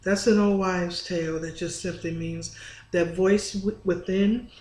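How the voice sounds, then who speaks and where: A woman's voice: fairly low pitch, fairly even intonation, unhurried, darkish tone. A woman talking to her viewers in a casual, confessional vlog, earnest and candid, often restarting her sentences. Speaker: spiritual vlogger. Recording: echoey room with faint ambience.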